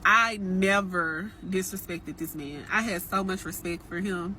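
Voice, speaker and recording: A woman's voice: lowish voice, unhurried, pushed and bright, slight background noise. A young woman telling a personal dating story to her viewers in a casual, frank, chatty way. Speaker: storytime vlogger.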